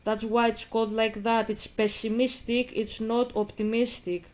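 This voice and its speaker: In casual vlog commentary, a woman reads passages aloud, then breaks off to question and argue with them, sounding hesitant and searching. Her voice is on the high side, level in tone, at a moderate pace.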